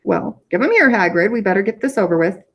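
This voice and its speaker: A woman voicing a calm, dryly humorous elderly male wizard headmaster, read from a storybook. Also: medium pitch, quick pace. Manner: calm, dry, gently humorous. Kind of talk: storybook reading aloud.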